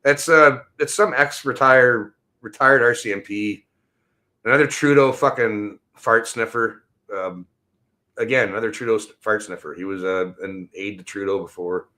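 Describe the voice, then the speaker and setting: A man's voice: fairly low pitch, normal speed, pushed and bright. A man ranting casually and bluntly on a livestream, swearing often and drifting from topic to topic. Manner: profane, rambling and blunt. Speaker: livestream host.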